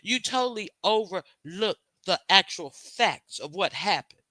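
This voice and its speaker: Woman streamer going off at her haters, cussing a lot, bright tense voice, dry sound. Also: mid-range voice, animated, unhurried, no room sound. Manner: confrontational, profane, repetitive. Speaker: livestream host. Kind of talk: heated unscripted rant to viewers.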